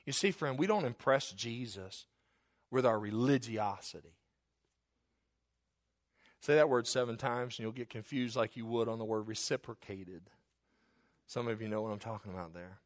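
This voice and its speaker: A man's voice: mid-range voice, normal speed, pauses often. A middle-aged man preaching a sermon, who jokes about himself and acts out the voices of the people he quotes.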